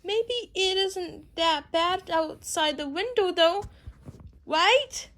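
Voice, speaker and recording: A small, fretful child played by a woman stammers and trembles through a homemade cartoon. The voice is very high and bright, the pace slow and drawn out, with soft music playing underneath. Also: heavily acted. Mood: frightened. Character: small scared child, Nina.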